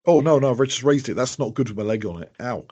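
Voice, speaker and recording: Man, husky voice, joking co-host, rambling chat. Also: mid-range voice, expressive, fast, warm tone. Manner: joking, rambling, stumbles over words. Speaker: podcast co-host. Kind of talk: casual chat.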